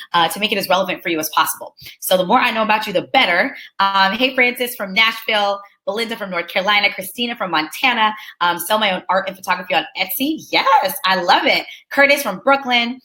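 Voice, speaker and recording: Bright, upbeat young woman hosting live. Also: mid-range voice. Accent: Californian. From Southern California. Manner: upbeat, chatty, reads names aloud with quick enthusiastic reactions. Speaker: webinar host. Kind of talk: live webinar greeting attendees.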